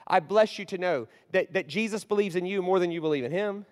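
A man in his forties preaching a storytelling sermon, animated, moving from hushed asides to loud bursts. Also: high-pitched, a little fast, few pauses, clear, resonant tone. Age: 40s. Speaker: guest preacher. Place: large church hall. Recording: long hall reverb.

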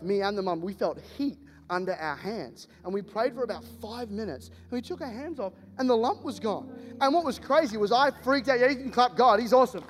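A man preaching a sermon, telling stories in an animated, joking way. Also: high-pitched. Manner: animated, jokey storytelling with laughs. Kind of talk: storytelling sermon. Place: church hall. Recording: reverberant hall, faint music.

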